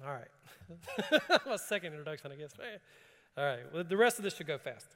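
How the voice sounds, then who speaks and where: A man preaching a sermon, animated and quick to laugh, reading scripture aloud in a calmer tone. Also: fairly high pitch. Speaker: pastor. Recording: long hall reverb.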